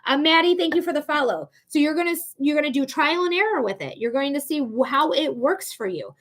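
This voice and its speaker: A woman hosting a live psychic reading stream, giving chatty, emphatic advice with quick asides. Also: high-pitched, expressive. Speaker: psychic reader and livestream host.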